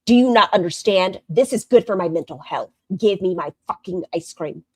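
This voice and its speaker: Woman doing a mocking, demanding, entitled lady, a bit loud. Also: fairly low pitch, expressive, normal speed, slightly rough, dry recording. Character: whiny entitled woman demanding her comforts.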